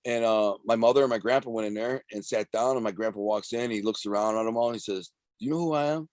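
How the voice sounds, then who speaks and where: A man of around fifty from Detroit, telling rough street stories as a podcast guest in a streetwise, profane, rambling way. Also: lowish voice, level tone, fast, a little mellow, no echo. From Detroit, USA. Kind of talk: casual storytelling interview.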